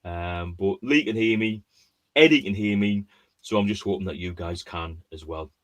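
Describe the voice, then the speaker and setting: A man's voice: deep voice, normal speed. A man hosting an online quiz, chatting casually and telling a rambling story with lots of fillers and restarts. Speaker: quiz host. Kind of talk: casual chat.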